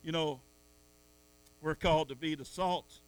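A middle-aged man preaching a sermon in church, swinging from soft asides to loud calls at the congregation. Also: fairly high pitch, fairly even intonation, a little slow, smooth. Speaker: pastor.

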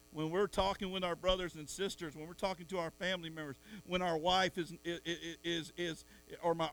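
A middle-aged man preaching a sermon in church, swinging from soft asides to loud calls at the congregation. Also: on the high side. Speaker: pastor.

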